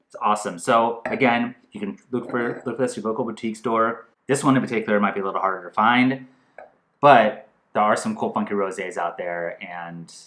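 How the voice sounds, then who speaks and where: A man with a fairly low voice hosts a casual wine tasting. He rambles excitably and stops and restarts as he searches for words. The room sounds echoey. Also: a little fast. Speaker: host.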